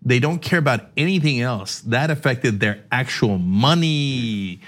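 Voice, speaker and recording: A man's voice: mid-range voice, lively intonation, unhurried, a bit bright. A male podcast host in casual political chat, explaining at length with sarcastic asides. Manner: explanatory, sarcastic, acts out quoted speech.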